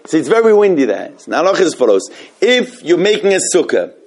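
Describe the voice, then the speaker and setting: A man's voice: on the high side, sing-song, quick pace, darkish tone. A man teaching a live class on Jewish law to a room of students, often restarting his sentences and putting questions to the listeners. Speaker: Torah teacher.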